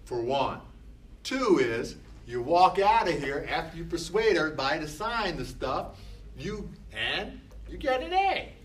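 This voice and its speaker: A man's voice: fairly high pitch, big pitch swings, measured pace. An older man teaching a class, speaking emphatically and repeating short phrases for effect. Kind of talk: classroom lecture. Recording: distant mic with faint background noise.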